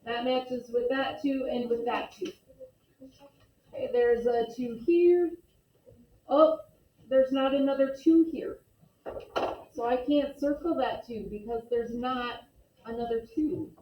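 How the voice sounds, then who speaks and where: A woman teaching a math class with a patient, step-by-step manner, her voice a little higher than most. She is picked up from across an echoey classroom, and the sound is muffled and lo-fi. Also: steady tone, takes it slowly, pauses often, distant mic, a little hiss or hum. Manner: patient, explains step by step, calls on students. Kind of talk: classroom lesson. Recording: echoey classroom recorded from afar, dull lo-fi.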